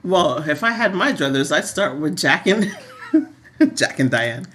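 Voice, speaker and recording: A middle-aged woman co-hosting a casual soap recap chat, animated and laughing often. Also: a little slow, a little hiss or hum. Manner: animated, laughs often, rises high when amused. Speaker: podcast co-host.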